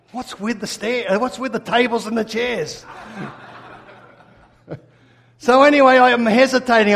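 A pastor telling a personal story in a sermon, animated and acting out his own replies. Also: high voice.

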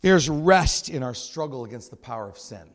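A man preaching a sermon as a church pastor, animated, acting out voices and shouting at times. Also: mid-range voice, moderate pace.

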